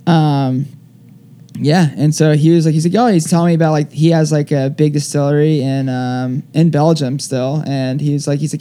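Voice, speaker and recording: Young male guest, casual rambler, slightly high and mellow voice. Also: steady tone, normal speed. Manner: rambling, heavy use of "like" fillers. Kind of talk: casual storytelling interview.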